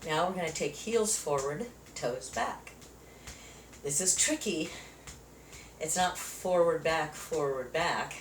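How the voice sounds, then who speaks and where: A woman's voice: lowish voice, expressive, slow pace, pauses often. A woman leading a chair yoga class, counting out moves and giving encouraging cues while a little out of breath. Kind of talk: exercise class instruction. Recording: roomy echo, distant mic, faint noise.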